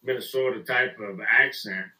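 Swearing middle-aged man, bright echoey voice. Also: mid-range voice, moderate pace, distant mic. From Midwest US. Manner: profane, rambling, laughs a lot. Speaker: podcast host. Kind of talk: casual chat. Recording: echoey room, off-mic.

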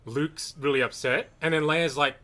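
A man's voice: on the high side, fairly even intonation, normal speed, bright, forceful tone. A man co-hosting a podcast in casual chat, talking with eager enthusiasm. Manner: eager, enthusiastic fan talk. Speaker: podcast co-host.

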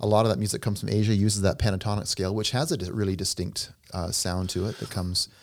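A man's voice: fairly low pitch, steady tone, quick pace. A middle-aged man co-hosting a casual podcast, a chatty, jokey storyteller who rambles. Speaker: podcast co-host and pianist. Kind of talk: casual chat.

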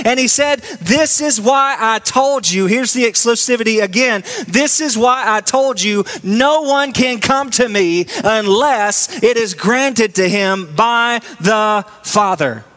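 A man preaching a sermon, reading scripture aloud slowly and pressing his points with emphatic repetition. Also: very high-pitched, a bit bright. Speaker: pastor.

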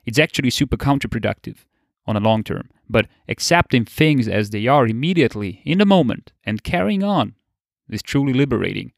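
A man's voice: medium pitch, animated, fairly quick, creaky, dry recording, studio quality. A young man giving a casual motivational monologue, laid-back, swearing casually and laughing often. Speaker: motivational podcaster.

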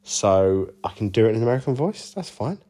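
A man, a band's singer and bassist, answering interview questions in rambling, sweary, self-deprecating banter. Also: sing-song, brisk, warm tone. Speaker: band bassist and lead vocalist, interview guest.

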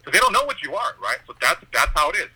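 A young man, a comedian guest on a casual podcast, tells animated stories with lots of swearing and laughter. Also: on the high side, racing, crowd noise, low-quality recording. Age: young adult.

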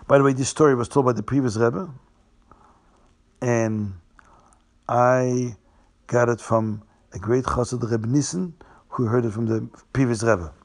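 A man telling a Hasidic tale, restating names and slowing down for drama. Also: mid-range voice, steady tone. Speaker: storyteller.

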